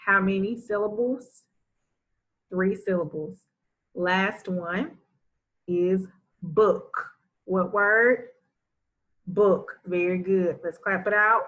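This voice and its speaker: A woman's voice: mid-range voice, slow pace, long pauses, muffled recording. A woman teaching a first grade reading lesson, carefully sounding out word parts and praising the children. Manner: enunciates sounds carefully, warm praise for pupils. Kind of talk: slow, deliberate reading lesson for young children.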